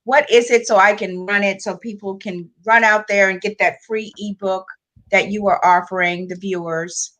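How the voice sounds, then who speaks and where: A woman's voice: mid-range voice, fairly even intonation, moderate pace, fairly bright tone. A woman hosting a talk show, asking her guest short questions with brief encouraging responses. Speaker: host.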